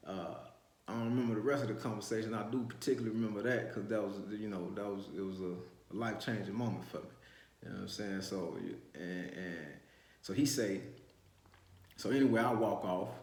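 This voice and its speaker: Man, 40s, low voice, rambling casual storytelling, street slang, roomy echo. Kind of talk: casual first-person storytelling.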